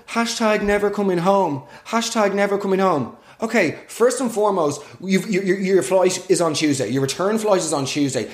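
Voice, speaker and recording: A young man hosting a podcast, delivering a sarcastic, exasperated comic rant and swearing freely. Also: a little high. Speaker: podcast host. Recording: echoey room.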